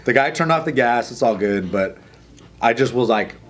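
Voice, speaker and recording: A man's voice: medium pitch, lively intonation, moderate pace, fairly bright tone. A young man telling a story in casual group banter, heated and full of swearing. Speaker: podcast co-host.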